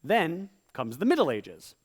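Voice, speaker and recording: A man performing stand-up comedy in rhyme on a live stage, slipping into quick voiced asides. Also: on the high side, wildly swooping pitch, slightly rough. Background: audience laughter.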